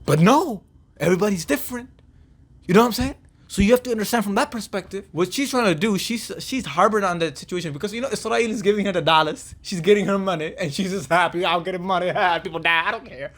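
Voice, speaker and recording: A man's voice: high-pitched, fast talker. A man giving casual, mocking reaction commentary, scolding in slang.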